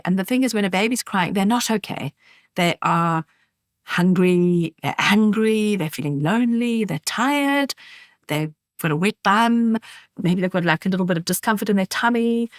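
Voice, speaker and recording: A middle-aged woman hosting a solo podcast, coaching listeners gently and softening her voice when she models soothing words for babies. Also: on the low side, dry recording, clean studio sound. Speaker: podcast host. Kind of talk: solo podcast advice talk.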